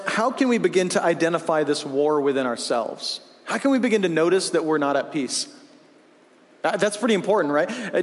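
Male pastor, high-pitched, casual restart-heavy preaching style, recorded in a reverberant church hall. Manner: conversational preaching, many restarts and asides. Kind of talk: sermon. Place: church sanctuary.

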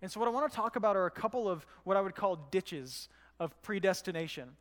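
Male pastor, high voice, chatty sermon delivery, long church reverb. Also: lively intonation, fast, fairly bright tone. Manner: conversational, storytelling with acted quotes.

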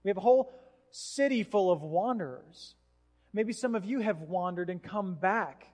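Man, high voice, pastor, animated sermon storyteller, long hall reverb. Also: moderate pace, faint music behind. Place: church hall.

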